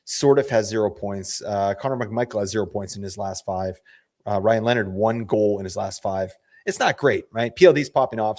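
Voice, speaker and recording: A man hosting a fantasy hockey show, hoarse from losing his voice, chatting casually in a rambling, self-correcting way full of slang. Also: on the low side. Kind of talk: casual analysis chat.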